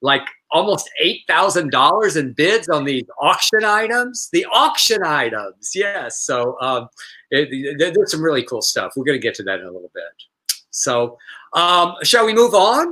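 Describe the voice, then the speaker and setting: A man's voice: on the high side, big pitch swings, normal speed, pushed and bright, low-quality recording. A man, co-hosting a casual live-streamed talk show, chatty and prone to restarting his sentences.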